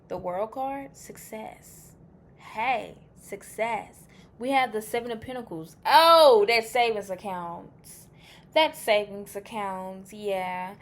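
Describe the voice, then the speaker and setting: Slow-talking, blunt woman tarot reader. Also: medium pitch. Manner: chatty and blunt, swears freely, jokes with the viewer; thinks aloud, reacting to the cards as she reads. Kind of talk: casual pick-a-card tarot reading.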